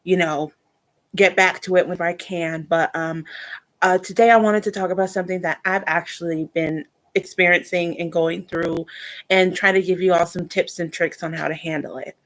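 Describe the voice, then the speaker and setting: A young adult woman talking in a casual personal vlog, reflective and earnest, often pausing and restarting. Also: fairly low pitch, fairly even intonation. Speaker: vlogger.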